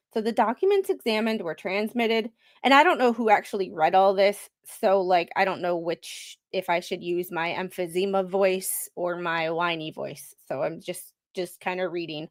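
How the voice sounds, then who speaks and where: A woman hosting a commentary stream, reading court documents aloud in a halting, rambling way, with many fillers and restarts. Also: mid-range voice, no room sound. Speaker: commentary host.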